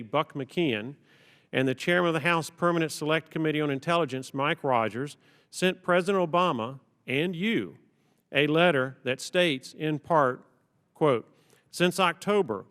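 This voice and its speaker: A man, a congressman, questioning a witness at a hearing, deliberately reading out prepared quotations with emphasis. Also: a little high, fairly bright tone. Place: large hearing room. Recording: long reverb from a large hall.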